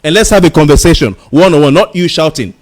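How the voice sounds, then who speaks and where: Talking at a quick pace with a voice on the high side, a male radio host argues heatedly with a caller on air. He keeps repeating himself insistently to stay in control of the conversation.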